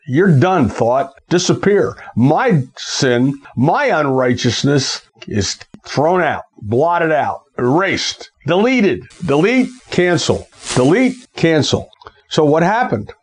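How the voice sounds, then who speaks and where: A man's voice: on the high side, a little mellow. A man preaching a sermon, reading scripture aloud and stressing key words over and over, stopping now and then to correct himself.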